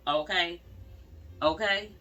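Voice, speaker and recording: A woman with a lowish voice speaks slowly in a pushed, bright tone as a vlogger commenting on the news. She talks straight to her viewers, casual and emphatic, repeating her points. The audio is dull, from a slightly distant mic with faint background noise.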